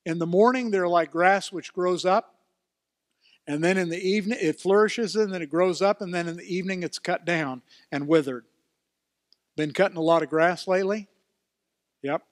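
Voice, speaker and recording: An older man preaching a sermon as pastor, emphatic and building to loud exclamations. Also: sits high, normal speed, long pauses, dry recording, clean studio sound. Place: church.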